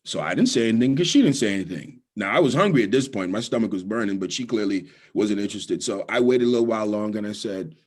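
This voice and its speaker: A middle-aged Bahamian man gives a motivational talk as a guest speaker, a husky rasp running through his low voice. He tells personal stories and repeats his key lines for emphasis. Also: expressive, fast talker, few pauses. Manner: storytelling with repetition for emphasis.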